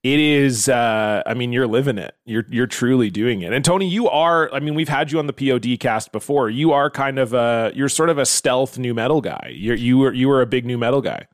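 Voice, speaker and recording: A male podcast host with a middle-pitched voice who chats casually and jokes at his own expense. He is recorded close on a dry mic with no room sound at all. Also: fairly quick, hardly any pauses, no room sound. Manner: joking, self-deprecating, swears at his own slips. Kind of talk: casual comedy podcast chat.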